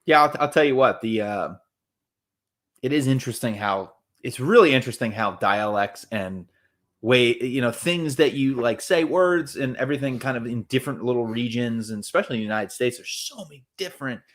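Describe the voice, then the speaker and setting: Easygoing eastern Pennsylvania co-host, agreeable and friendly-casual, average pitch. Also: male voice, fairly quick, a bit bright. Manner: easygoing, agreeable, calls his friend buddy. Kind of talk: casual chat over whiskey.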